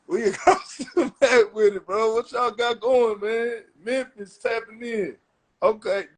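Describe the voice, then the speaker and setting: A man with a high-pitched voice hosts a live stream in casual, slangy chat. He talks loosely, greeting viewers and shouting out friends as he goes. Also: fairly even intonation, a little slow. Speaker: podcast host.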